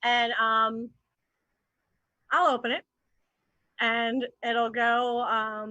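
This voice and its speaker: A woman hosting a live improv comedy show, laughing through quick asides to her cast. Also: on the high side, flat delivery, bright, forceful tone, no echo, dull audio.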